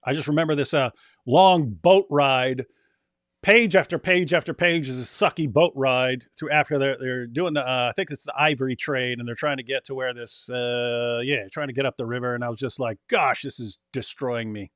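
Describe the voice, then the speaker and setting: A man's voice: medium pitch, steady tone, a little fast, fairly bright tone, no room sound. Guy co-hosting a livestream, joking around reading comments, dry close sound. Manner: joking, reads viewer comments aloud. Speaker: livestream co-host. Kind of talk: casual livestream chat.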